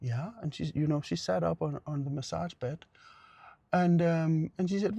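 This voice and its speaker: Gravelly middle-aged man telling a story. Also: fairly high pitch, moderate pace, dark tone, no echo. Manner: earnest, repeats phrases for emphasis. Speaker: pain therapist. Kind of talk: personal storytelling.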